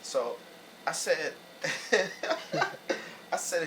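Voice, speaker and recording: A man hosting a reaction video in casual, slangy chat, animated and laughing often. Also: mid-range voice, brisk, noisy background.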